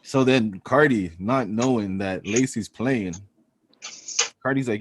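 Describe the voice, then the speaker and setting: A man co-hosting a casual podcast, retelling events and acting out quotes in a loose, animated way. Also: mid-range voice, measured pace, breathy edge. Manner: animated storytelling, acts out quotes. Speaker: podcast co-host. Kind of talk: casual chat.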